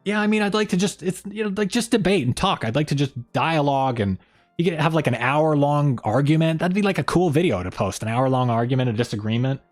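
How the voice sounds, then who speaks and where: Man streamer, casual and rambling, lively pitch, faint music behind. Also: quick pace. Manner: rambling, self-mocking, trailing off. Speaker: streamer host. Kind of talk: casual live-stream chat. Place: home room by an open window.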